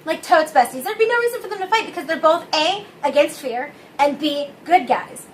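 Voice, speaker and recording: A young woman co-hosting a casual chat, goofy and quick to laugh and slip into silly voices. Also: high-pitched, animated, a little hiss or hum. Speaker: co-host.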